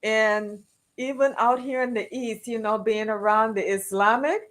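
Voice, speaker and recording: Slow, high-voiced woman storyteller. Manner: animated storyteller who acts out quotes and laughs through her stories. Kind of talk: casual chat, storytelling.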